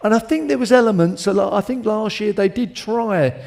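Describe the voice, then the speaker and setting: A man's voice: high voice, fairly quick, gravelly, darkish tone. A man talking football in a casual, earnest way, thinking aloud with frequent restarts. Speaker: pundit.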